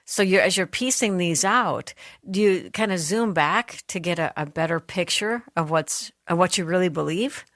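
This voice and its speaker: A woman's voice: on the low side, animated, normal speed, a bit bright, dry recording, clean studio sound. A woman radio host interviewing a guest, affirming her and addressing listeners directly. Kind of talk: conversational interview.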